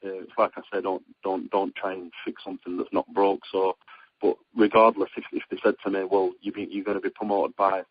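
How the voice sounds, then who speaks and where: A young man from Britain speaks in a husky, slightly low voice, rambling through his answers with plenty of ums and restarts. The sound is dull and lo-fi, like an interview heard over a radio line. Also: a little fast. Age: young adult. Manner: rambling, many fillers and restarts, excitable when storytelling. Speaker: boxer being interviewed. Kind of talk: casual phone interview.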